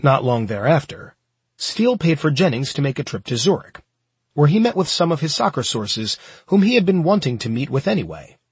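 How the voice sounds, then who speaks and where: Breathy-voiced man narrating nonfiction. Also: fairly high pitch, no echo. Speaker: audiobook narrator. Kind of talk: scripted nonfiction audiobook narration.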